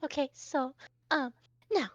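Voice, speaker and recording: A woman's voice: sits high, slow pace, no room sound. A woman voicing a proud, prickly young male noble who fans himself and snaps back at insults. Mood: haughty. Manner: haughty, defensive.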